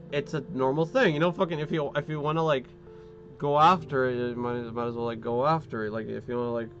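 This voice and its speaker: A male streamer rambles in casual chat, dropping curse words and fillers as he works on a model kit at home. His voice sits in a middle register and sounds slightly muffled. Soft guitar music plays quietly behind him. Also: mid-range voice. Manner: rambling, swears often, many fillers.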